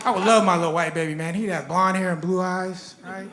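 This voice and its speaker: Male stand-up comic, animated, slips into character voices; roomy live venue, noisy crowd. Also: high-pitched, brisk. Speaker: stand-up comedian. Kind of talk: stand-up comedy set. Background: loud audience laughter.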